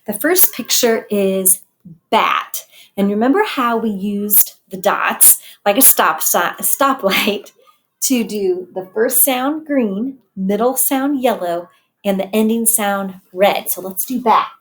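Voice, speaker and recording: A woman teacher giving a phonics lesson to young children, sounding out each word slowly and clearly. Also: medium pitch, a little hiss or hum, rough recording. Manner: slow, clear, sounds out words. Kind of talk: early reading phonics lesson.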